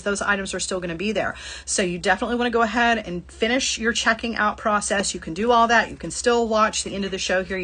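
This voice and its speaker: A woman's voice: mid-range voice, bright, forceful tone. A middle-aged woman with a Southern accent hosting a live shopping stream, chatting casually, laughing often and reading out viewer comments. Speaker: livestream host. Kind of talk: casual livestream chat.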